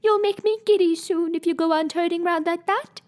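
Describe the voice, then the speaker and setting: A woman's voice: steady tone, brisk, darkish tone. A woman reading aloud, voicing a bossy, snappish old female sheep who knits in a storybook. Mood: tart, bossy. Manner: shrill, snappish exclamations.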